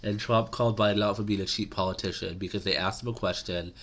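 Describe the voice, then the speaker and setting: Deep-voiced man, rambling opinions. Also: fairly even intonation, fast talker, fairly bright tone, a little hiss or hum. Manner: rambling, opinionated, with many fillers. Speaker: political commentary vlogger. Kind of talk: casual political commentary.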